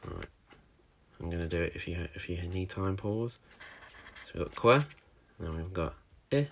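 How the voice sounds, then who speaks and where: A male primary school teacher giving a recorded handwriting and phonics lesson, encouraging and sounding out letters slowly for young children. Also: low-pitched, vocal fry, a little hiss or hum.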